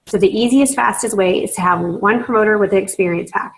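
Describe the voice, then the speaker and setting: A woman's voice: medium pitch, fairly quick, a little hiss or hum, rough recording. A woman runs a sales training in a persuasive, chatty manner. She often checks in with her audience as she explains things step by step. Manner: persuasive, conversational, checks in with "right?" and "you understand?". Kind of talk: training talk to a group.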